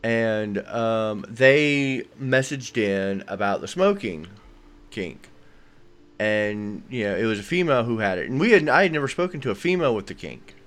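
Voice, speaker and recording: A man with a fairly low voice hosts a casual podcast chat. He rambles enthusiastically, piling up fillers and restarts as he talks. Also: animated, moderate pace, fairly bright tone. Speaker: podcast host.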